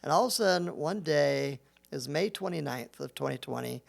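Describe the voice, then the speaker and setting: Gravelly-voiced man telling a story. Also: a little high, normal speed. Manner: animated storyteller who acts out quotes. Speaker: business founder, guest. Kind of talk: casual interview storytelling.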